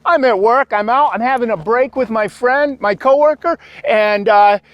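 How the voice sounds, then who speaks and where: A male stand-up comedian with a high voice tells a rambling story, jumping into the voices of the people in it. The sound is dry and close, with no room around it. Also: normal speed, no echo, highs cut off. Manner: acts out characters with sudden high-pitched voices.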